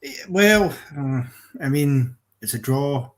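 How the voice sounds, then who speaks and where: A man calling into a live football fan stream, giving a measured, analytical take and thinking aloud. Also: mid-range voice, lively intonation.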